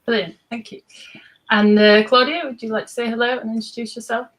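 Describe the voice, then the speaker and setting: Woman host, measured scripted intro over a video call. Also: a little high, flat delivery, low-quality recording. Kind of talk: hosting an online talk.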